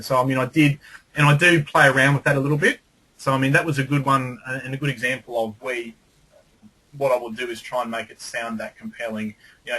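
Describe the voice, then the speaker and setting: A man hosting a copywriting webinar in casual discussion, talking animatedly and breaking into lively demo readings. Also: mid-range voice, brisk, slightly rough, low-quality recording.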